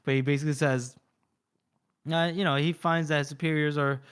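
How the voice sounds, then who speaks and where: Animated podcast host, higher-pitched man. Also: normal speed, smooth. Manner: animated retelling, acts out quoted lines. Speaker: podcast co-host recapping a novel. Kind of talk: casual chat.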